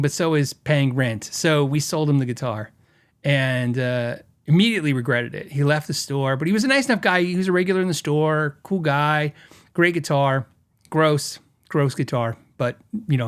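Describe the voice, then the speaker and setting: A middle-aged man hosting a casual podcast, with a voice that sits a little high for a man. He rambles through stories with lots of fillers and acts out what people said. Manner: rambling, full of fillers and acted-out quotes. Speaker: podcast host and guitar shop owner.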